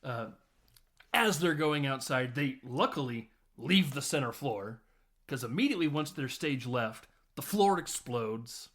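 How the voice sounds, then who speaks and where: A man hosting a podcast, retelling a film in a casual, laughing way with frequent swearing and quick voiced quotes. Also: mid-range voice, animated, a bit bright. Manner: swears freely, laughs often. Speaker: podcast host.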